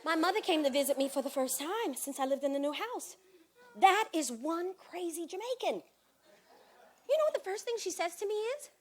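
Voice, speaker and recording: A woman's voice: very high-pitched, normal speed. A middle-aged woman telling sassy comic stories in a one-woman stage show, acting out the people in them. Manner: animated, sassy storytelling with mimicry. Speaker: comedic solo performer. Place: theater stage.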